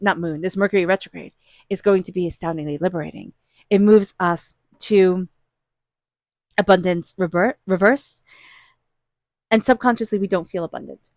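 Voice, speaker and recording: A woman's voice: mid-range voice, dry recording, studio quality. A woman giving an earnest, encouraging tarot reading and acting out inner voices as she speaks. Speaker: tarot reader.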